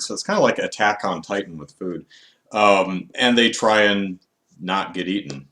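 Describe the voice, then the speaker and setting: A man's voice: fairly low pitch, expressive, moderate pace, a bit bright. A man chatting casually on a live stream, rambling and wry with many fillers. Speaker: vlogger.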